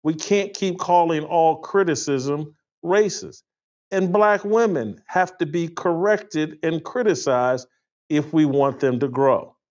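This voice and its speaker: A man's voice: a little high, slow pace, a little mellow. A man hosting a casual panel talk, lecturing in a preachy way. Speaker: host. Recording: dull lo-fi sound.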